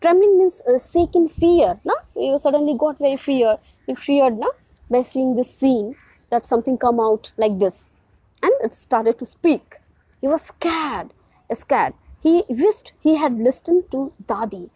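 A woman's voice: high voice, a little slow, mellow, slightly rough, no room sound, poor audio. A woman teacher reading a story to a class and explaining it with questions.

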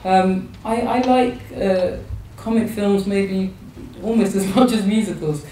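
A woman's voice: mid-range voice, a little slow, warm tone, distant mic, slight background noise. Hesitant woman author in echoey hall. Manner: thoughtful, hesitant, with many restarts. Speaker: novelist guest. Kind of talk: public conversation on stage. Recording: echoey hall recording from afar.

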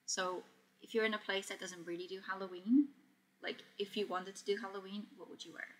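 Brisk and steady in tone, a young woman from Portugal speaks in a mid-range voice while hosting a casual sewing livestream. She chats easily, reads the chat out loud, and often laughs as she sews.

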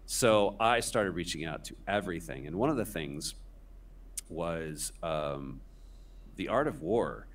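Low-voiced man telling a story, distant mic. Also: animated, measured pace. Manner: rambling, self-deprecating storytelling. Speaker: guest. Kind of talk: casual podcast interview.

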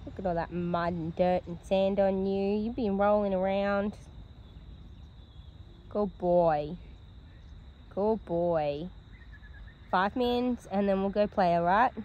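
Woman filming a dog daycare on her phone, slow and cooing, outdoors. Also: mid-range voice, lo-fi sound. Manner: coos and praises dogs in a sing-song voice. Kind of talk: casual vlog narration, talking to dogs. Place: outdoor dog play yard. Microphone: handheld phone camera.

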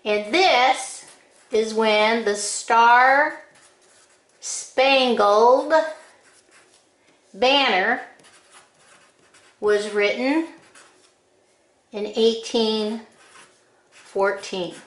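A woman giving a drawing lesson, calling out short steps one at a time in a slow, patient way. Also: on the high side, fairly bright tone, echoey room. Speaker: drawing teacher. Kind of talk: step-by-step drawing instruction.

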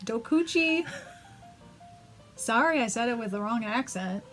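A woman's voice: a little high, fairly quick, fairly bright tone, soft background music. A woman co-hosting a casual card-opening video, giggling and reading card names aloud. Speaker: co-host opening card packs. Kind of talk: casual chat.

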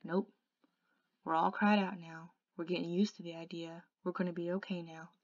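A woman's voice: lowish voice, flat delivery, moderate pace, dry recording. A woman voicing a frightened teenage boy on the run, speaking in a trembling, pleading way that sometimes drops to a whisper. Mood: quiet. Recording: dull lo-fi recording.

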